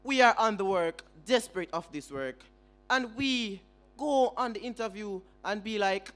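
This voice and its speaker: A man's voice: high voice, animated, normal speed, a bit bright. A young man with a Jamaican accent giving a formal debate speech as first opposition speaker, firing rhetorical questions at the audience and opponents.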